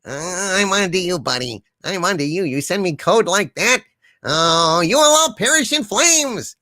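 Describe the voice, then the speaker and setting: A man's voice: high voice, lively intonation, a little slow, pushed and bright, no echo, pitched above the performer's own voice, full character voice. A man voicing a boastful male otherworldly destroyer trapped in a force field, blustering and threatening doom. He speaks with a dry, close sound. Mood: furious.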